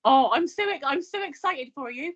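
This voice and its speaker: Woman interview host, very high voice, quick and eager, dull lo-fi sound. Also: lively intonation, fairly bright tone. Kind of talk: casual interview chat. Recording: dull lo-fi recording.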